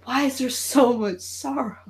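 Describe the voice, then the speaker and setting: A woman voicing a male horror demon as a sulking office worker who whines in a low, quiet voice. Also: measured pace. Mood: whiny. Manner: whiny, mopey and self-pitying.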